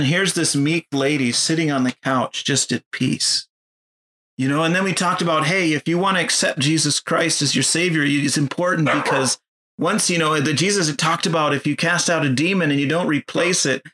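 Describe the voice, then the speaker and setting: A man recounting a missionary testimony, animated and acting out the people he quotes. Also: fairly high pitch. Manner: animated, acts out quoted voices. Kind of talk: storytelling testimony.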